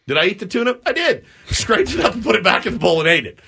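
A male sports radio co-host telling an animated, self-mocking story and acting out each scene. His voice sits a bit high and bright, and his pitch swings widely as he goes. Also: fast, gravelly, slightly rough. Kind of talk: morning radio storytelling banter.

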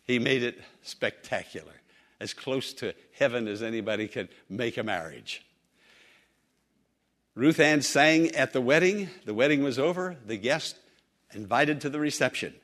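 A man's voice: mid-range voice, lively intonation, fairly bright tone. Earnest man preaching a sermon. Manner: earnest, emphatic, with slow drawn-out phrases. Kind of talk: sermon storytelling.

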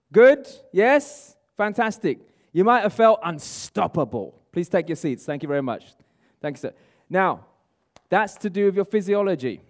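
A high-pitched, energetic man works as a motivational speaker, coaching a seminar crowd and asking the audience questions. It's a live seminar talk aimed at both the room and an online audience.

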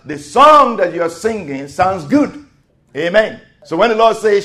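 Male preacher, high-pitched, emphatic sermon delivery with loud peaks. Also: lively intonation, normal speed. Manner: emphatic, swells to loud exclamations, calls for amen.

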